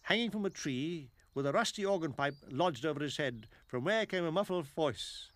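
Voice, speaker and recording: A man reading scripted narration for a film in a measured storytelling manner. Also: on the high side, lively intonation, dry recording.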